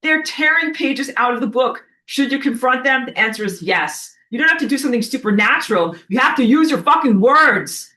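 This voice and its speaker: A woman's voice: high-pitched, expressive, a little fast, few pauses, sharp tone, low-quality recording. A woman giving a preachy spiritual lecture to a class, in an emphatic, scolding manner that sometimes turns to swearing. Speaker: spiritual teacher.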